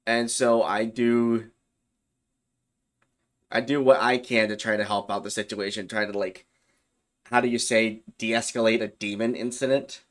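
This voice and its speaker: Young man, lowish voice, rambling casual storyteller. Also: level tone, measured pace, pauses often. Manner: loose and rambling, with fillers and self-corrections. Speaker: YouTube storyteller.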